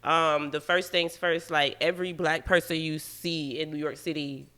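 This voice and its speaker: A young woman from Savannah, an artist guest in a casual interview, expressive and laughing often. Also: sits low, moderate pace. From Savannah, Georgia, USA. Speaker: guest, musician.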